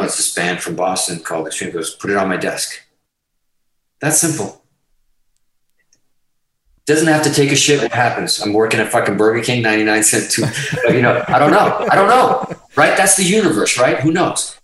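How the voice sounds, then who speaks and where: A man guest telling a long profane story in casual chat, animated and rambling. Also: medium pitch, normal speed. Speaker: podcast guest, musician. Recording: roomy, distant mic.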